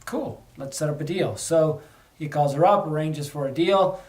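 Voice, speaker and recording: A man's voice: a little high, moderate pace, darkish tone. A middle-aged man, a podcast host, telling a candid personal story with a lesson, in a casual conversational way. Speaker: podcast host, former undercover officer. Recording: echoey room, a bit far from mic.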